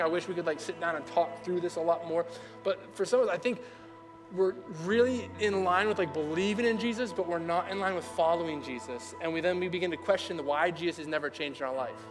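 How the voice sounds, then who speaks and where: High-voiced young man preaching casually. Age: young adult. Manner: casual, conversational, acts out quoted people. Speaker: pastor. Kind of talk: sermon. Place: church hall. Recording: hall reverb with faint music.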